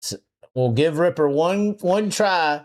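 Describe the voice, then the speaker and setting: A man's voice: fairly high pitch, animated, slow pace. A man hosting a live stream, teasing his guest and callers in a joking, casual way. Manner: teasing, joking, laughs often. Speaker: host.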